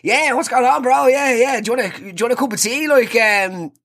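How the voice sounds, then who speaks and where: A man's voice: extremely high pitch, fairly quick, fairly bright tone, pitched above the performer's own voice, heavily acted. A man voicing a fake-macho version of himself, an overeager adult bro with strained, overdone bravado. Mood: forced bravado.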